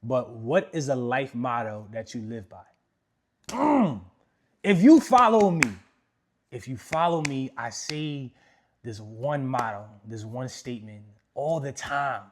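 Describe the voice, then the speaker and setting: A young man from New York, a motivational speaker, telling his life story in a casual Q&A with animated, slangy emphasis. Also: mid-range voice, unhurried, noisy background.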